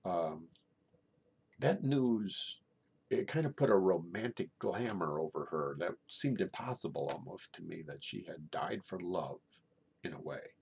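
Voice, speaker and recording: Male storyteller, middle-aged, gravelly and husky; hesitant, repeats himself. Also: low-pitched, expressive, a little mellow. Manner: halting, hesitant, repeats words. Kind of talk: personal storytelling.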